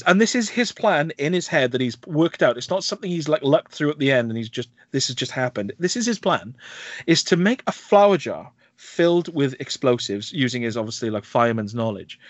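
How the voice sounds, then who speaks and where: A man's voice: on the high side, no echo. A man hosting a podcast, animatedly retelling film scenes in casual chat and acting out the lines. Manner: animated storytelling, acts out quoted lines, laughs often. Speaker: podcast host reviewing films. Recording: dry, slightly dull podcast audio.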